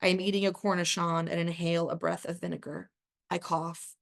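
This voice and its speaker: A woman author reading her own first-person fiction aloud at a live event, measured and even, with the odd dry aside. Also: on the low side, gravelly.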